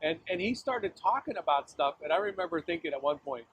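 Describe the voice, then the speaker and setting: A man with a husky voice giving sales advice, telling stories in an animated way. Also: fairly high pitch, fairly quick, no echo, poor audio. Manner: animated anecdotal storyteller. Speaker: sales advisor guest. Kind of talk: casual business chat.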